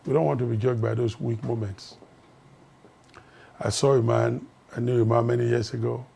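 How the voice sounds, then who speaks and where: Older male life coach and pastor, mellow husky voice, emphatic teaching delivery that repeats its key phrases. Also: mid-range voice, little pitch movement, moderate pace. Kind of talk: recorded motivational teaching talk.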